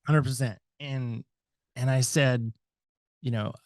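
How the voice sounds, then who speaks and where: A man's voice: medium pitch, slow pace, no echo, studio quality. Middle-aged man telling a personal story. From United States. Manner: animated, reenacts dialogue, frequent "so anyway" asides. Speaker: podcast guest.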